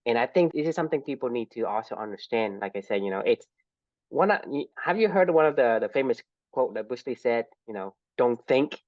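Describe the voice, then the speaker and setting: A man's voice: medium pitch, animated, fast, dry recording. A man co-hosting a podcast in a casual book discussion, reflective and laughing often. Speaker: podcast co-host. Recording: dull lo-fi dry sound.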